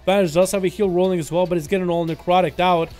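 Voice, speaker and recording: Fast, excitable young male game caster. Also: high-pitched. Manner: excitable, rapid-fire, hype. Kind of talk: esports play-by-play commentary.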